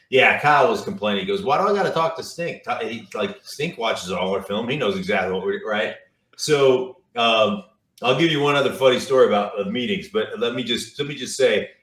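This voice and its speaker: A middle-aged man, a football analyst and guest, telling stories in casual chat, rambling with repeated words and fillers. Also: lowish voice. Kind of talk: casual storytelling interview. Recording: roomy, distant mic.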